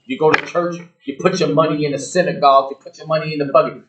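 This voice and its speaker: A show host with a slightly high male voice holds the floor alone. He talks bluntly and emphatically, circling back to repeat his points. He addresses his listeners directly in a preachy rant. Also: fairly even intonation, fast, hardly any pauses, a bit bright, poor audio. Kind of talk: ranting monologue to the audience.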